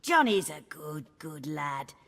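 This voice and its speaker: A half-mad old grandmother from a video game, rambling and scolding in a slow, drawn-out way. She drifts between suspicion and fond memory. Her speech wanders. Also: deep voice, sing-song, a bit bright, dry recording, full character voice. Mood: muttering. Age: older. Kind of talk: video game cutscene acting.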